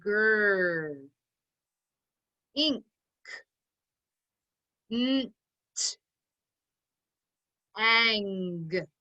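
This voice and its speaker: A woman teaching an online phonics lesson, calling out sounds and blending words slowly and deliberately for children to repeat. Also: medium pitch, lively intonation, bright, forceful tone, highs cut off. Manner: slow, deliberate drill calls, sounding out each part.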